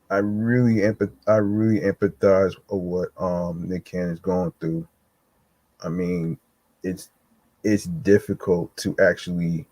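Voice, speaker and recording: A man hosting a solo podcast, choked up and halting, with many fillers and restarts as he talks. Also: low voice, mellow, no room sound, rough recording. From New York. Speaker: podcast host.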